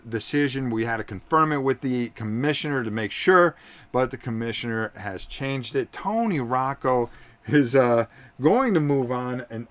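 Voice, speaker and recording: A man hosting a live tabletop wrestling game, commentating in an excitable, rambling way with many fillers. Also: medium pitch, no room sound.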